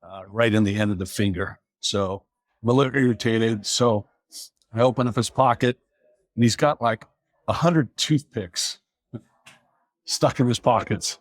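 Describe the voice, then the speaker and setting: A man with a somewhat low voice tells a police story in a relaxed, wry way. He livens up when he quotes the people in it. The sound is dry and close, with no room echo. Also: a little slow, pauses often. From Seattle area. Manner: wry, animated when quoting others. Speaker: police officer telling a story. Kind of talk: casual storytelling.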